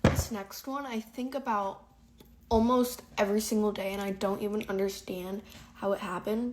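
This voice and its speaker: A young woman telling school stories in a chatty, animated get-ready-with-me storytime, lisping slightly from whitening strips. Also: medium pitch, a little slow. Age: young adult.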